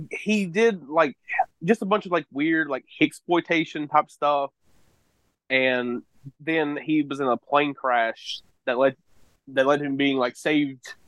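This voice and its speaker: A man's voice: medium pitch, fairly bright tone, no room sound. A man co-hosting a casual podcast chat, talking loosely and profanely with fillers and restarts. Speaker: podcast co-host. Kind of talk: casual chat about cult horror films.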